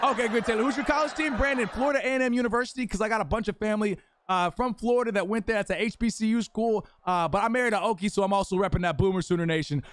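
A young man livestreaming a football video game, casually chatting with viewers, shouting them out and teasing them. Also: sits high, very fast. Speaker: live streamer playing a football video game. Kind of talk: casual livestream chat, reading chat aloud. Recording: home stream with game crowd noise. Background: game stadium crowd and commentary.

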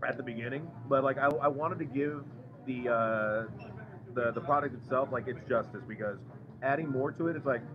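Excitable man live-reviewing food. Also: medium pitch, normal speed, a crowd in the background. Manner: excitable, gushing, repeats words. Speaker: podcast host doing a live food review. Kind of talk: live taste test on camera. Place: restaurant. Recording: muffled live stream with background noise.

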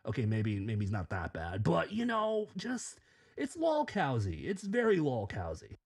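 A man's voice: mid-range voice, huge pitch swings, a little slow, a little mellow, breathy edge. A man reading a scripted commentary in a sarcastic, mocking, profane way. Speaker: YouTube commentator.

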